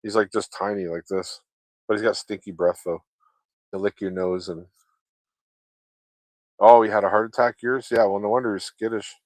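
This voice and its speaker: A man with a fairly low voice talks loosely to his viewers, drifting from one story to the next and swearing often. The sound is dry and close, with no room around it. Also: fairly even intonation, normal speed, pauses often, darkish tone, dry recording. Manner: loose, chatty, swears freely, laughs often. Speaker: vlogger chatting with viewers. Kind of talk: casual rambling chat.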